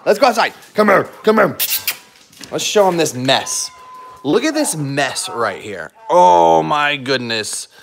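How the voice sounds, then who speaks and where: A man's voice: fairly high pitch, noisy background. A man hosting a casual live stream vlog from his home, upbeat and chatty, laughing often while moving around with his dogs. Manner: upbeat, chatty, talks straight to viewers. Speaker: channel host. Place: home, indoors and garage.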